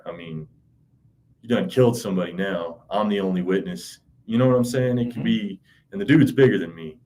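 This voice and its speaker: Man, thirties, lowish voice, interviewee, profane, rambling, casual recollection. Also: a little hiss or hum. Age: 30s. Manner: rambling and profane, with frequent "you know".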